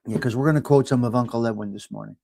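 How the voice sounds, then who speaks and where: A man's voice: medium pitch, very fast, vocal fry, darkish tone, slightly rough, no room sound. A man with a New York accent hosting a casual morning chat, rambling and repeating himself as he reads a horoscope and talks to viewers. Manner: rambling, repetitive and chatty, often addresses viewers by name. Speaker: host.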